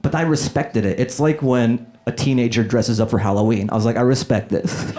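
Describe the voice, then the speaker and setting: A man in his thirties doing a stand-up comedy set, animated and acting out characters in quick voices. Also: medium pitch. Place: comedy club stage before a laughing audience. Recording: live club set with loud crowd laughter.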